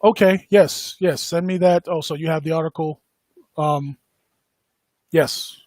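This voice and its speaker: A man's voice: fairly high pitch, fairly even intonation, unhurried, darkish tone, dry recording. A man hosting a podcast, talking casually and rambling, with lots of fillers and frequent laughs. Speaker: podcast host. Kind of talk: casual livestream commentary.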